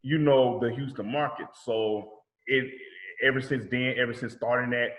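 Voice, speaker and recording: A man's voice: mid-range voice, steady tone, normal speed, a bit bright, echoey room, rough recording. A man from Alabama in his late twenties, a guest in a casual interview, who stumbles and repeats words as he talks. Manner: stumbling, repeats words, self-described speech impediment. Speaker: guest, food blogger.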